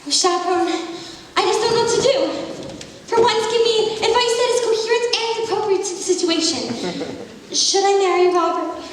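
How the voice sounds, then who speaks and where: A woman's voice: very high voice, expressive, moderate pace. A teenage girl acting a glamorous, flighty showgirl bride with a gushing, theatrical delivery, on a school stage. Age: teens. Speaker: student actor. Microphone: far room mic. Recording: distant, echoey hall with noise.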